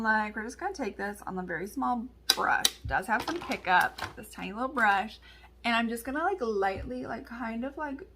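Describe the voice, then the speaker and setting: Young woman, beauty vlogger, bright and a touch husky, rambling and chatty with many fillers. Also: a little high. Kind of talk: casual storytelling and makeup tutorial.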